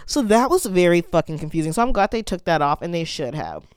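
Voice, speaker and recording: A speaker giving a blunt, sassy, profane restaurant review in a casual monologue, spelling out menu names slowly. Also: mid-range voice, big pitch swings, smooth, dry recording, clean studio sound.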